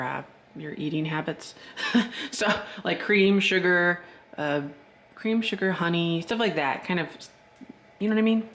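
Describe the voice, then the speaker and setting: A man touring his vintage shop on a casual vlog, thinking out loud and chuckling as he goes, recorded on a handheld camera and later a phone. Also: a little high. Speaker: shop owner and vlogger. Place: indoor vintage shop room. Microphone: handheld camera, then phone.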